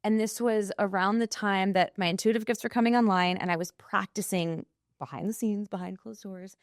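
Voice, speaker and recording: A woman guest, an intuitive coach, telling a personal story in an interview, animated and acting out the people she quotes. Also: mid-range voice, normal speed, no room sound, studio quality.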